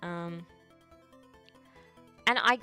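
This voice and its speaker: A woman's voice: fairly low pitch, extremely slow, pushed and bright, clean tone, faint music behind. A young woman streamer in a casual chat, ranting bluntly with lots of swearing and slang while reacting to chat.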